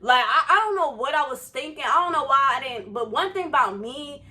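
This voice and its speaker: A young woman telling a storytime on her vlog, animated and profane, full of slang and fired-up asides. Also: high voice, fairly quick, soft background music. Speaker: vlogger. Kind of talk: casual storytime. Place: Florida.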